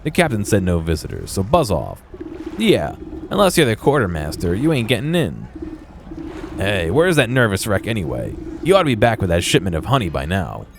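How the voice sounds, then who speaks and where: A man's voice: lowish voice, wildly swooping pitch, moderate pace, background noise, exaggerated voice. A man voicing a blunt, hostile male soldier guarding a camp in a video game. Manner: blunt, rough-spoken.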